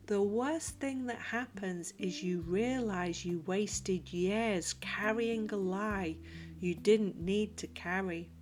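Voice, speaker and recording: A woman narrating a scripted motivational self-help talk, slow, deliberate and reflective. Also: medium pitch. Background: soft guitar music.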